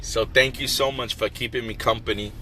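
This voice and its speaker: A man who owns a restaurant, talking casually and warmly to his followers, encouraging them with lots of fillers. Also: mid-range voice, fairly even intonation, brisk, slight background noise. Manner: heartfelt, encouraging, many fillers. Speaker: restaurant owner. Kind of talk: casual motivational vlog. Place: in a car, then a wholesale store.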